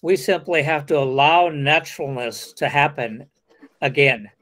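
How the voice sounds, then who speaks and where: A man's voice: a little high, unhurried, a bit bright. A man leading an interactive teacher-training lecture, calling on participants and acting out hesitant replies. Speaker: workshop lecturer.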